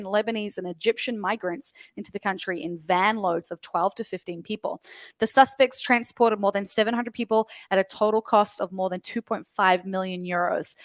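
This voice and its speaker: A woman's voice: medium pitch, dry recording. An Australian woman reading a news article aloud as a podcast guest, laughing often between lines.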